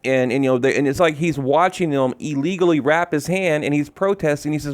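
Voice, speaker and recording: A man rants about boxing in a heated, exasperated way, circling back and swearing as he goes. His voice sits a little high for a man, and the recording is dry and close. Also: fairly quick, few pauses, no room sound. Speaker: boxing commentator. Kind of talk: ranting commentary.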